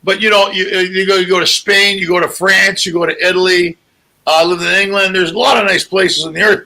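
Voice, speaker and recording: Man, stand-up comic, animated storyteller, husky, very bright tone. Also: high-pitched, brisk, poor audio. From Greek heritage. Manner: animated, joking storyteller with raspy, gravelly voice. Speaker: comedian guest. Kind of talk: casual interview chat. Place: lives in England.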